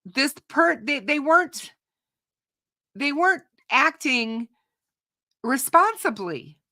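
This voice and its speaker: Woman host, true crime commentary, slow and deliberate, bright tone, slightly strained voice, opinionated. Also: sits high, lively intonation. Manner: opinionated, frequent restarts and repeated words. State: voice starting to go, clearing her throat. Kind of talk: unscripted commentary to a live audience.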